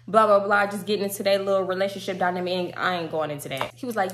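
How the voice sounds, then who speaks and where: Animated young woman telling a story. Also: medium pitch, a little fast. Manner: slangy and animated, acting out quotes. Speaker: storytime vlogger. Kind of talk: casual storytelling.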